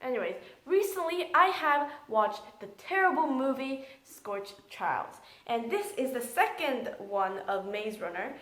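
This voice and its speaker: A woman's voice: high-pitched, big pitch swings, unhurried, few pauses, a bit bright, reverberant, low-quality recording. Blunt, sarcastic young woman reviewing films. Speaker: movie reviewer. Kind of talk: casual spoken movie review.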